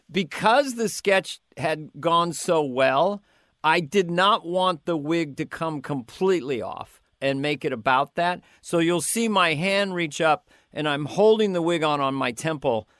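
An older man with a fairly high, bright-sitting voice tells showbiz stories in a casual interview. He talks in animated bursts, laughing and tripping over restarts. The sound is close and dry, with no room echo. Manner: animated storyteller, laughing and stammering through anecdotes. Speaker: comedian guest.

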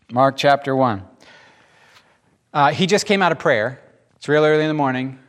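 A man preaching a casual sermon, animated and jokey, often acting out the voices in the scripture he reads. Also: medium pitch, normal speed, pauses often. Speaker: pastor.

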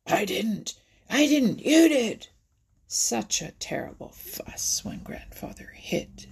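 A woman reading a children's animal story aloud, lively and expressive, sometimes dropping to a whisper. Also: low-pitched, creaky, breathy edge. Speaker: narrator.

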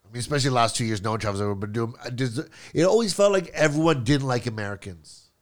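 A man's voice: mid-range voice, expressive, racing. Easygoing male podcast co-host. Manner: easygoing, laughs along. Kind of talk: casual banter.

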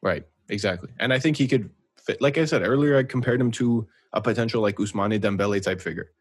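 A man's voice: fairly low pitch, fast talker, breathy edge, no room sound. A man co-hosting a podcast, chatting casually about football and often checking in with "right?". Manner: talkative, keeps asking "right?". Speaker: podcast co-host. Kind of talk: casual sports chat.

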